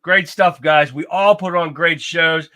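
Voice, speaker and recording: A man's voice: a little high, measured pace, pushed and bright. A man in his fifties hosting a live-stream podcast, chatting casually and greeting viewers one by one. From United States. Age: 50s. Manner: upbeat, chatty, calls out to viewers. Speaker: livestream podcast host.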